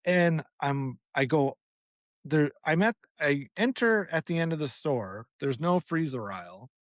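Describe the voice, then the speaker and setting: A man co-hosting a podcast, telling a long story in a casual, animated way, acting out the people in it and swearing freely. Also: a little high, measured pace, no echo, lo-fi sound. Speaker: podcast co-host.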